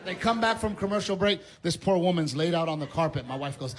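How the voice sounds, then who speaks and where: A middle-aged man doing a stand-up comedy routine, telling stories with animated delivery and yelling his punchlines. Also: on the high side, a little fast, few pauses, background noise.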